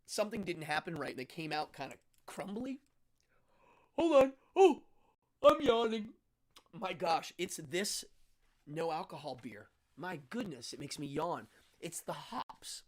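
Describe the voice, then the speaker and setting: Excitable man with a wildly lively voice. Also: a little high, normal speed. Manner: excitable, reacts out loud to chat messages; rambling, laughs often. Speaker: host. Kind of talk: casual livestream chat.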